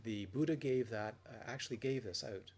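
A man gives a relaxed dharma talk on meditation, telling anecdotes with frequent restarts and playful quoted voices. His voice is medium in pitch and brisk, with faint noise in the background.

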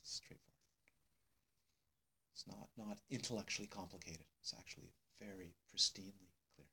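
A male meditation teacher giving a dharma talk to students, emphatic and unhurried, repeating phrases with many pauses. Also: low-pitched, creaky, pushed and bright, breathy edge. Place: meditation hall.

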